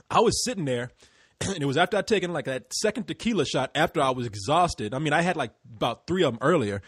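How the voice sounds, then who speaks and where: A man from Texas telling stories in a casual chat, animated, laughing often and swearing freely. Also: a little high, quick pace, slightly rough, dry recording, studio quality.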